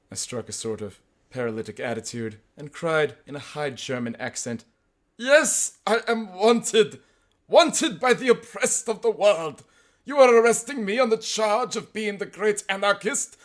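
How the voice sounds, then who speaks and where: Man reading old professor, droll, dry wit, measured pace, sudden pitch jumps, audiobook. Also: lightly acted. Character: older male professor, dry, wry, droll storyteller. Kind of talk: audiobook character voice.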